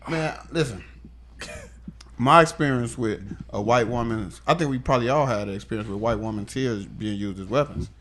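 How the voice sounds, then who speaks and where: A young man co-hosting a podcast, telling stories in a casual, animated and profane way. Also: mid-range voice, moderate pace. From Chicago area. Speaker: podcast co-host. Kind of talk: casual chat.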